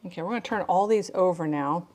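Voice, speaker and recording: A woman's voice: fairly low pitch, quick pace, darkish tone. A woman hosting a casual cooking livestream from her home kitchen, chatting with viewers by name and often restarting her sentences.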